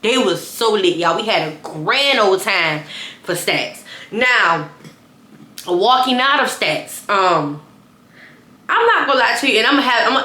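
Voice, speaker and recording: A woman's voice: mid-range voice, sharp tone. A young adult woman telling a personal story to her viewers in a casual storytime. She talks to them directly, often restarting and repeating phrases. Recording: echoey room.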